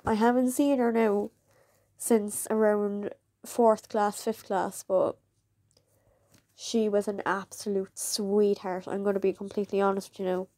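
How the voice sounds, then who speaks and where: A woman's voice: medium pitch, level tone, a little slow, dark tone, dry recording. A woman, telling a personal story in a candid, chatty way and laughing often. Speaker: vlogger.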